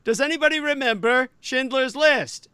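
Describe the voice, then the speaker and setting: A bright, high-voiced man telling a story. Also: moderate pace, clean tone, no room sound. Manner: animated storyteller, asks the audience rhetorical questions. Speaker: podcast host. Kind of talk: casual panel chat.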